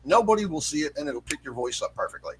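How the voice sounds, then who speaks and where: A man talks through his opinions in a relaxed podcast chat, explaining his points at length and swearing now and then. His voice sits a little high. Faint noise hums in the background. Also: fast talker, low-quality recording.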